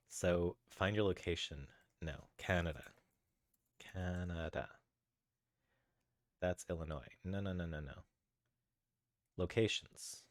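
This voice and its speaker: A deep-voiced man, captured dry with clean studio sound, talks casually to viewers during a live coding stream. Easily distracted, he greets people in chat by name and keeps up a chatty running monologue while searching.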